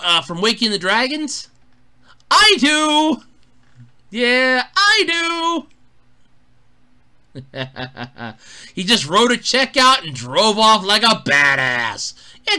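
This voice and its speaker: A man giving an angry, profane gaming rant, swinging between muttering and exasperated shouting bursts. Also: extremely high pitch. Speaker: gaming commentator.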